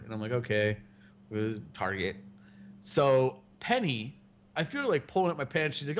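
The podcast host, a man in his thirties, talks a little slowly, and his fairly bright, mid-range voice swings widely in pitch. His casual chat is made up of rambling, heavily profane stories.

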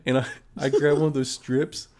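A man's voice: medium pitch, level tone, moderate pace, darkish tone. Young man, podcast co-host, casual storyteller who laughs a lot, mid-range voice. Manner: laughs often, acts out friends' voices.

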